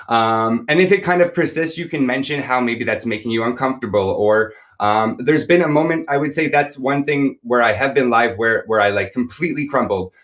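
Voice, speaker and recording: A man talking straight to his live-stream viewers, candid and earnest as he works through seller advice. His voice sits at a middle pitch, and he speaks in a halting way into a phone or device mic. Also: a bit bright.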